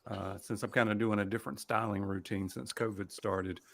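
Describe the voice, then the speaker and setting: A man joining a livestream as a guest, chatting in an easygoing, slightly halting way. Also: fairly low pitch, steady tone, vocal fry, slight background noise. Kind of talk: casual livestream chat.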